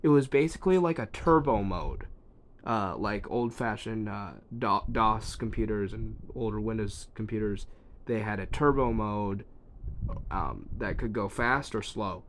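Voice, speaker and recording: A man with a fairly low-pitched voice walks through an old gadget at a measured pace, his thoughts spilling out with ums and asides that fade off. The tech reviewer's easygoing hands-on demo was captured on a phone, with slight background noise.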